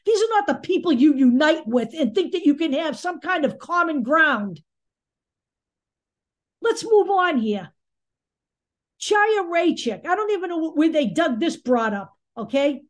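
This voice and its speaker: Brief: woman commentator, high voice, angry and sarcastic, blunt and profane delivery. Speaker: political commentary host. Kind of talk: opinion commentary monologue.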